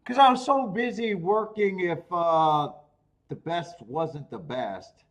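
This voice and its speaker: A man's voice: a little high, expressive, slow, a bit bright. A man hosting a live horse racing stream, chatting casually about his bets, swearing and talking to himself. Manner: swears, restarts, talks to himself while watching races. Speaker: horse racing show host.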